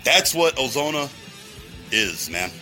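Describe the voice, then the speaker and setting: A man rambles through a profanity-laden monologue, calling out to his listeners and wandering between tangents. His voice is bright and sharp at a middling pitch. Faint music plays behind him. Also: sing-song, takes it slowly. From Texas. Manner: heavy swearing, rambling tangents, addresses listeners directly.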